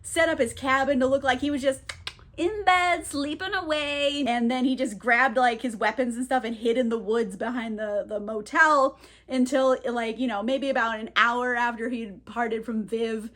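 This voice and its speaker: Woman, book reviewer, high voice, chatty, irreverent, slangy, laughs often. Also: steady tone, normal speed, fairly bright tone. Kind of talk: casual book recap.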